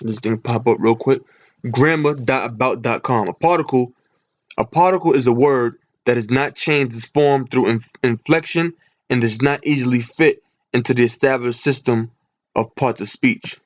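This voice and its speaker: Reading scripture off his computer screen, a male Bible teacher asks himself questions and answers them as he goes. He speaks at a normal pace in a medium pitch, and the recording has its high frequencies cut off.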